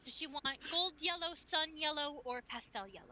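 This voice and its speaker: A woman voicing a gentle, fussy male blacksmith who murmurs and hums to himself. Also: high voice, expressive, normal speed, very noisy. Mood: doting.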